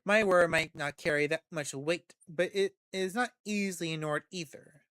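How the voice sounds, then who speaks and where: A poised female vampire patron who speaks in a measured, coolly confident way, offering her terms calmly, as a game streamer reads her lines aloud. The voice stays in a middle register. The sound is dry and close, with no room echo. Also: mid-range voice, natural voice. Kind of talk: reading game dialogue aloud.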